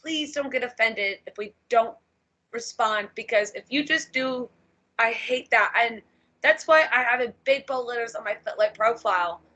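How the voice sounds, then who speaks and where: A woman's voice: fairly high pitch, moderate pace, bright, forceful tone, lo-fi sound. A woman hosting a casual podcast chat, blunt and freely swearing. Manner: blunt and profane. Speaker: podcast host.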